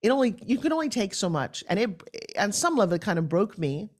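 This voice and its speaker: A woman's voice: very animated, quick pace, slight background noise. Emphatic middle-aged New woman. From New York. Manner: emphatic, jumps into quoted dialogue with big pitch swings. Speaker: guest, pitch coach. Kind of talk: animated storytelling interview.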